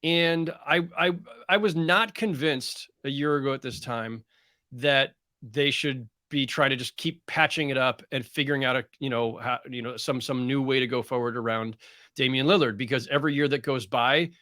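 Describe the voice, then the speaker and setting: A middle-aged man, a guest reporter, speaking in a measured, thoughtful and conversational way in an interview. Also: mid-range voice, bright, forceful tone, dry recording, studio quality. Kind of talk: podcast interview.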